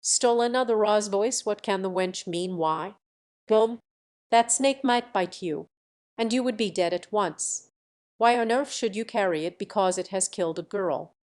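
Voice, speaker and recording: A woman doing a gruff scolding cake maker. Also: medium pitch, normal speed, darkish tone, lightly acted. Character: blustering middle-aged male village cake maker.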